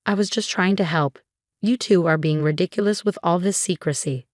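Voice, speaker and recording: A defiant, meddling grandmother who scoffs at boundaries, as a woman narrator puts her on. The voice sits a little low. The sound is dry and close. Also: moderate pace, no echo, lightly acted. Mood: defensive.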